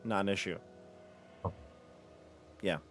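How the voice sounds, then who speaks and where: A man's voice: deep voice, fairly even intonation, slow, fairly bright tone, slight background noise. A man running a tabletop game as dungeon master, describing rooms and reading descriptions aloud.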